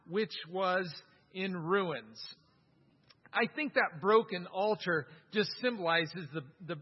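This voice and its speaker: High-voiced man preaching in a hall. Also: slightly rough. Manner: animated scripture reading, wry humor. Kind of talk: sermon. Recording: dull sound, long hall reverb.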